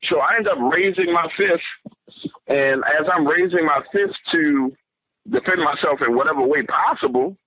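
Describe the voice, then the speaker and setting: A man, a guest on the show, recounts a frightening encounter in an earnest, halting way, with many fillers and restarts. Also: fairly high pitch, breathy edge. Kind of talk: personal story told over the phone. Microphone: phone. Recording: tinny phone line, dry.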